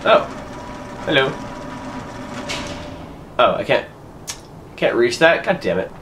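A man's voice: mid-range voice, sing-song, slow pace, background noise. A young man giving casual let's-play commentary, muttering to himself and swearing often in frustration. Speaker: gaming commentator.

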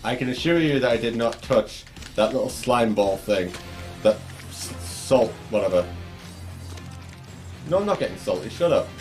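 A man's voice: medium pitch, lively intonation, moderate pace, pauses often, faint music behind. A young man giving frustrated, swearing let's play commentary while gaming. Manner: frustrated, swearing, shouting at the game. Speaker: gaming YouTuber.

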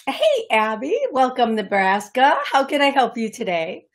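Brief: woman radio psychic host, somewhat high voice, gushing and affectionate with callers. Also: sing-song, measured pace. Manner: affectionate, effusive, calls callers love. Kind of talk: call-in radio show.

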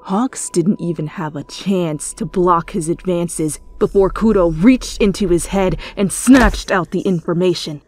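A woman narrating a fanfiction reading as a whispered role-play, in hushed, deliberate storytelling. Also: lowish voice, a little hiss or hum. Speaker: fanfiction reader.

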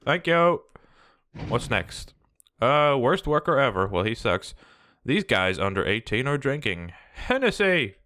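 A young man doing let's play commentary on a game, frantic and swearing, yelling at the game as he plays. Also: mid-range voice, very animated, measured pace. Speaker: gaming video host.

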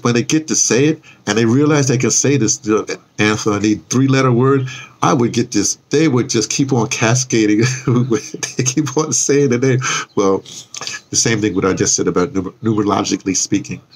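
An older man chatting loosely on a live stream from outdoors, wandering off topic and correcting himself as he goes. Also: medium pitch. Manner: meandering, self-interrupting, chuckling asides. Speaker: vlogger. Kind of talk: rambling live-stream chat. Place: outdoors in the cold.

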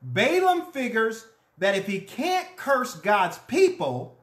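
A pastor delivers a storytelling sermon, voicing each character's lines as they come up. The pitch swings widely from phrase to phrase. The voice rings with the echo of the room. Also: slow pace. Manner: animated, acts out the characters' lines. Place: church.

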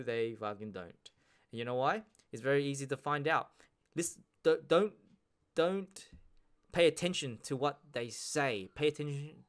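A man's voice: mid-range voice, fairly bright tone. A man hosting a podcast, ranting in a casual monologue, swearing and repeating himself as he presses his points. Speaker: podcast host.

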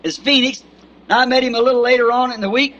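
A man's voice: very high-pitched, fairly even intonation, fast, a bit bright, muffled recording. A man with a Southern American accent preaching a sermon in a folksy, storytelling way, recorded on an old 1960s tape. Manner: folksy anecdotes with repeated "See?". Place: church meeting with congregation.

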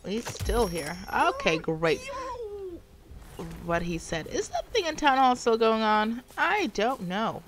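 A woman livestreaming a game, chatting casually and exclaiming when startled. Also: lowish voice. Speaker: streamer. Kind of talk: casual gameplay livestream chat.

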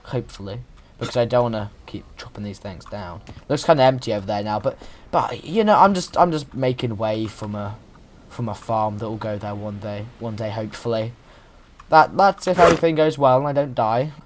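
A man's voice: fairly low pitch, expressive, brisk, a little hiss or hum. A young man chatting casually and playfully as he plays a survival game, rambling and restarting his sentences. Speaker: gaming YouTuber. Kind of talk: casual let's-play commentary.

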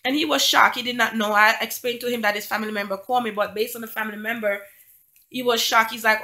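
A woman's voice: on the high side, fairly even intonation, fast talker, sharp tone. A woman vlogging about a conflict, indignant and emphatic, pressing home her point with repeated rhetorical questions. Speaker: single mom vlogger. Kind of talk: indignant storytime vlog.

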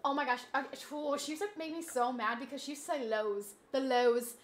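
A woman streaming a game, chatting casually with her audience, reading chat aloud and slipping into animated, mock-indignant rants. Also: sits high, fast. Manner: chatty, reads chat aloud, laughs easily. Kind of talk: casual live-stream chat while gaming.

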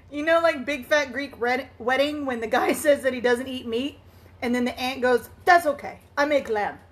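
A woman's voice: high voice, steady tone, measured pace. A woman hosting a casual live stream while she crafts. She chats in a bubbly way, greets viewers by name and laughs often.

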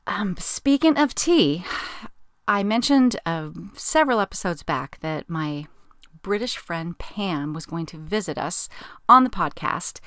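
A woman's voice: fairly low pitch, expressive, a little slow, fairly bright tone, no room sound, studio quality. A woman hosting a podcast, chatting casually with plenty of fillers and restarts. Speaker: podcast host. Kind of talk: casual chat.

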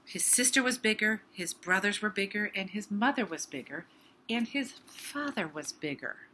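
A woman reading a picture book aloud to children, slow with expressive emphasis. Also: medium pitch, slight background noise. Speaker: storybook reader.

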